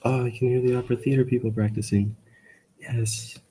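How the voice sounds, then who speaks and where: A man's voice: medium pitch, little pitch movement, very fast, mellow, slight background noise, poor audio. A man working as a music tutor, talking casually through a composition in a tutoring room, rambling and correcting himself as he goes. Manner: rambling, self-correcting, lots of "like".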